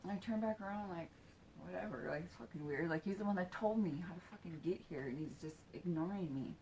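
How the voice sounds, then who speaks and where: A woman's voice: on the low side, brisk, warm tone, a little hiss or hum. Woman in her 40s rambling thru a story, swears a lot, tons of likes and ums. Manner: rambling, lots of fillers and swearing. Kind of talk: casual storytelling.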